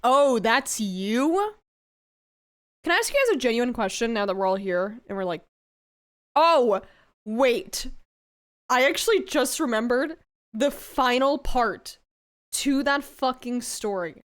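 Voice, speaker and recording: Brief: young female streamer, high and bouncy voice, giggly, squeals, swears casually. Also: animated, slow, long pauses. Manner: giggly, bursts into laughter and squeals, swears freely. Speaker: VTuber streamer. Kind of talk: casual livestream chat with viewers.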